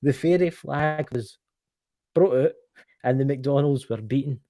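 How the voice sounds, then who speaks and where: A Scottish man with a gravelly voice chats casually on a live stream, reading history aloud. He trips over words and jokes with mock outrage. The sound is dry and close. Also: medium pitch, a little slow, long pauses, dark tone, dry recording. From Scotland. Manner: stumbling, jokey, exclaims in mock outrage.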